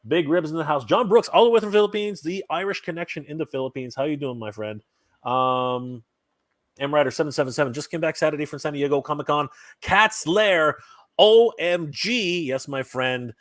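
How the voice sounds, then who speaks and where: A Canadian man hosting a live stream in casual chat, reading out viewer comments and giving upbeat shout-outs. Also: fairly high pitch, moderate pace, dry recording.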